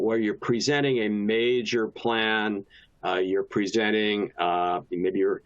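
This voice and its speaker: A man gives a relaxed professional training talk, restarting sentences and sprinkling in personal anecdotes. His voice sits on the low side. The recording sounds dull and lo-fi, like a webinar capture. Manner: casual, anecdotal, frequent restarts and filler. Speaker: presenter.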